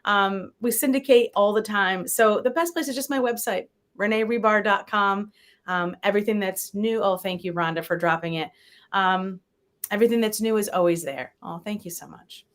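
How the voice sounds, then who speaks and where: A woman sales coach talks as a guest in a casual interview. Her pitch sits in the middle, and her delivery is upbeat and encouraging. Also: moderate pace.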